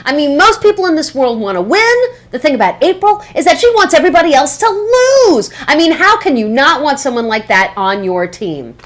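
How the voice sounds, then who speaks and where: A woman's voice: high voice, very animated, a little fast, hardly any pauses, a bit bright. An actress playing a young catty woman who sabotages her former employee with gushing, backhanded praise over the phone. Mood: mock-sweet. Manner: sweetly sarcastic, gushing, backhanded. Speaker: former boss giving a job reference by phone. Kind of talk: scripted comedy monologue.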